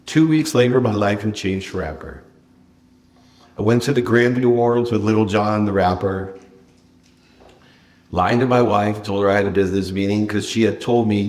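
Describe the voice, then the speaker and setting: A man giving a motivational keynote at a conference, telling a personal story with dramatic swings from loud bursts to hushed confession. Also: fairly low pitch, normal speed. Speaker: keynote speaker. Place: conference stage.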